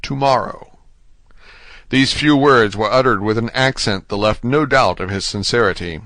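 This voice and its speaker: A man narrating a classic novel as an audiobook, in a steady, even storytelling manner. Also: lowish voice, moderate pace, dry recording. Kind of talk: scripted narration.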